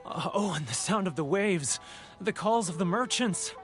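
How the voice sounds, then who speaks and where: An actor playing a timid, guilt-ridden merchant in a video game, emotional, sighing and confessional. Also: male voice, sits high, expressive, moderate pace. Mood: wistful. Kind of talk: game voice acting. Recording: game audio with faint background music.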